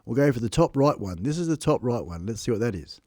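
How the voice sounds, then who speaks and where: A man's voice: mid-range voice, big pitch swings, fast talker, mellow, no echo, studio quality. Chatty Australian man streaming live. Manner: chatty and jokey, laughs often, talks to chat. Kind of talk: casual live stream chat. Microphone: close desk microphone. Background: faint music.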